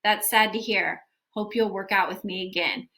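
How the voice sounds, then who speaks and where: A woman's voice: medium pitch, steady tone, moderate pace, bright, forceful tone. A young adult woman giving a casual, upbeat lesson on sales follow-up, acting out sample text messages as she goes. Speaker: sales coach for gym owners. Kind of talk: instructional video talk.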